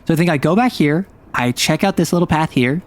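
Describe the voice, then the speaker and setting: A man's voice: fairly high pitch, a little fast. Playful man streaming a game. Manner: playful, chatty, exaggerated reactions. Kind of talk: casual game commentary.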